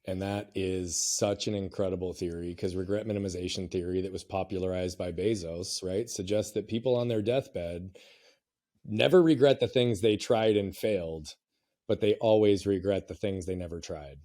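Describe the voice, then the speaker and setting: Deep-voiced male podcast host. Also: fairly even intonation, moderate pace, warm tone. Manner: affirming, explains ideas back to the guest. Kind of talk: interview conversation.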